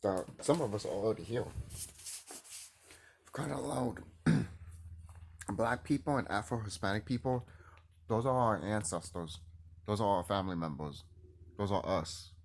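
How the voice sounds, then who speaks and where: A man rambling excitedly and cursing freely in a casual vlog monologue to his viewers. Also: lowish voice, normal speed, vocal fry, long pauses. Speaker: YouTuber.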